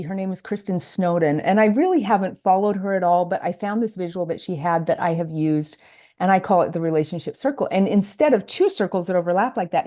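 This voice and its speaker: A woman's voice: mid-range voice, warm tone. A woman life coach talking earnestly on a podcast, explaining ideas step by step. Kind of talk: podcast conversation.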